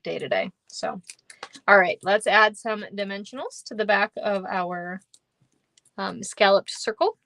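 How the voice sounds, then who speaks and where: A woman's voice: medium pitch, fairly bright tone, dry recording. A woman with a Minnesotan accent hosting a live card-making class, chatty and upbeat, often laughing and greeting viewers by name. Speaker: stamping class host.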